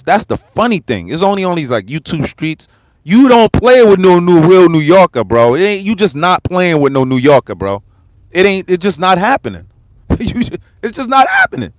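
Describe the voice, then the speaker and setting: A man's voice: sits high, no room sound. A man with a New York accent hosting a livestream and ranting bluntly and combatively in street talk. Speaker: livestream host. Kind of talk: heated livestream rant.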